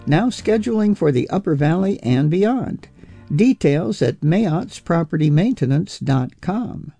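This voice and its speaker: Man, announcer, gravelly voice, dark tone, faint guitar behind. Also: fairly high pitch, lively intonation, unhurried, no room sound. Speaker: station announcer. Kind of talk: sponsor announcement.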